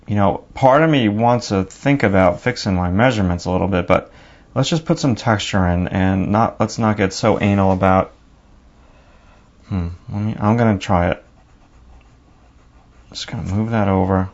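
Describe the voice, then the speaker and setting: A man's voice: on the low side, normal speed, long pauses, highs cut off. A man with a New York accent narrating a drawing lesson, talking casually and thinking aloud as he works. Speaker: drawing teacher.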